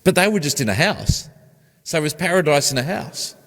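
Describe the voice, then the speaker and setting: A man's voice: fairly high pitch, expressive, a little fast, fairly bright tone. A man, a pastor preaching a conversational sermon and putting questions to his congregation. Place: church. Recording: long church reverb.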